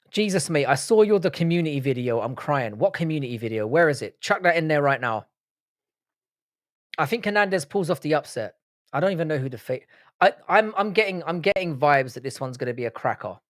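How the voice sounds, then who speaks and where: A man's voice: on the high side, lively intonation, a little fast, dry recording, clean studio sound. A young man hosting a live stream, casually bantering with chat, swearing freely and often restarting his sentences. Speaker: livestream host.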